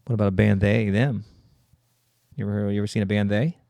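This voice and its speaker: A gravelly, low-pitched man hosts a podcast in a loose, profane comedic monologue. He riffs and keeps cutting himself off mid-thought. His tone is dark and mellow, recorded dry and close. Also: level tone, a little fast, no echo. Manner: riffing, self-interrupting, profane. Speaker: podcast host.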